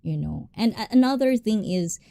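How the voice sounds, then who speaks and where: A woman hosting a live stream, chatting with viewers in an animated, passionate way and switching between English and Tagalog. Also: mid-range voice, moderate pace, creaky, no room sound. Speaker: livestream host.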